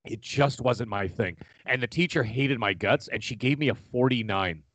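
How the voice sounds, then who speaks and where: A man, chatting casually as a podcast co-host, rambling and animated. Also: medium pitch, normal speed, no room sound. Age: 40s. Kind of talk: casual chat.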